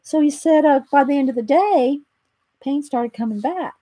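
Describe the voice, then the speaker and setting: High-voiced woman chatting while drawing. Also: normal speed, warm tone, no room sound. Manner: rambling storyteller with frequent ums and restarts. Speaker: art tutorial host. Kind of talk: casual chat while drawing.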